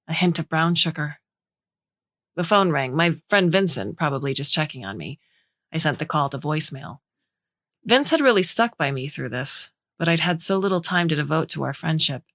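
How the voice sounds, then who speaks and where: A woman reading a short story aloud in a measured, intimate way. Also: low voice, fairly bright tone, no echo, clean studio sound. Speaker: story reader. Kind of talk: scripted narration.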